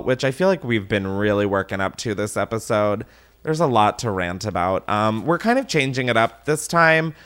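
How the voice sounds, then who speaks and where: A man's voice: medium pitch, fairly bright tone, smooth. A man hosting a casual podcast, ranting animatedly with swearing and laughter. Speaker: podcast host.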